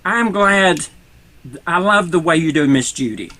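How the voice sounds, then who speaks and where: A man with a Southern US accent, an animated storyteller who laughs often, chatting on a group live stream. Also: high-pitched, a little slow. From American South. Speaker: TikTok creator.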